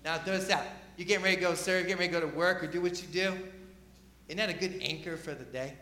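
High, bright-voiced male preacher. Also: fairly even intonation, quick pace, reverberant. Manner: emphatic, rising to loud peaks then dropping low. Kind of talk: sermon.

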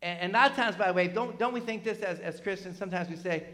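A middle-aged man from New Jersey preaching a sermon in a conversational, animated way, full of asides and tag questions. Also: sits high, fast talker, hardly any pauses. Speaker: pastor.

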